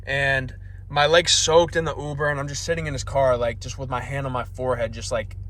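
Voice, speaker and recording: A man's voice: mid-range voice, little pitch movement, a little fast, a bit bright. A young man vlogging, telling a comedic story in an exasperated, profane, self-mocking rant.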